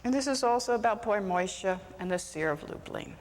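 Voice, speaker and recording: A woman telling a folk tale aloud with animated, dramatic delivery, shifting into character voices. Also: mid-range voice, normal speed, long reverb tail, slight background noise. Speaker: storyteller. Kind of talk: live oral storytelling.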